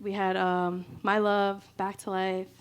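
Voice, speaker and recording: A woman's voice: mid-range voice, level tone, slow pace, background noise. A woman singer chatting casually with her audience between songs at a small live music venue, giggly and loose, full of "like" and "y'all". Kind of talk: casual stage banter with an audience.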